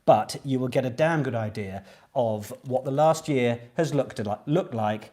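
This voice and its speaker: A man's voice: medium pitch, unhurried, warm tone. A man hosting a live-streamed pub quiz, playful and cheeky, bantering with his audience. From Buckinghamshire, England. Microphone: phone. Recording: roomy room sound with faint music.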